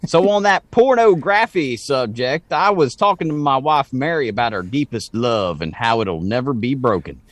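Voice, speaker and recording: A man's voice: on the high side, animated, normal speed, dry recording. A man reading a listener's letter as a folksy old farmer in a slack-jawed drawl.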